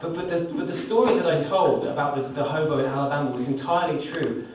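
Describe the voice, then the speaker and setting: This male singer-songwriter has a voice on the high side and a quick pace. Performing live in a recording studio, he leads into a song with a meandering, self-mocking story for a small crowd, captured in a roomy, distant recording with background noise.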